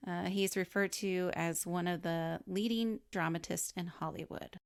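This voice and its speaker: Woman, low voice, gravelly fry, casual podcast chat, reads from notes, laughs easily. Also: steady tone, measured pace, dry recording, clean studio sound. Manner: reads notes on a celebrity's life, chatty and laughing. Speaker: podcast co-host.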